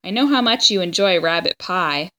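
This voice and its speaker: A woman voicing an enormous bearded homeless man, gentle and courtly, in a storybook read-aloud, with formal, drawn-out speech. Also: lowish voice, expressive. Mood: genial.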